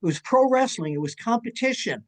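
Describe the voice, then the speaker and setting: An older man chatting as a guest, telling stories in an energetic, jokey way. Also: very high voice, fairly quick. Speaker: guest, wrestling journalist. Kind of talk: casual chat.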